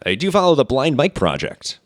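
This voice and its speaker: A man's voice: medium pitch, wildly swooping pitch, fairly quick, dry recording, studio quality. A man hosting a comedy podcast, chatting playfully and reading listener mail. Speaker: podcast host. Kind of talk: casual comedy podcast chat.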